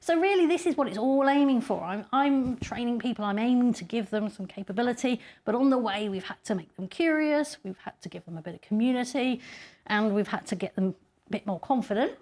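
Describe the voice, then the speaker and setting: A woman's voice: a little high, lively intonation, brisk, a little mellow. A middle-aged woman giving a chatty, self-deprecating conference talk and laughing often. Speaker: conference speaker.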